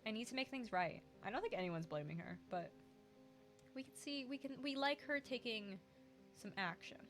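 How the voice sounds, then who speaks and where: A woman hosting a let's play, reading a visual novel's narration and lines aloud and chatting with a friend, animated with dry sarcastic asides. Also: fairly high pitch, moderate pace, faint music behind. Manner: animated, laughs often, breaks into dry sarcasm.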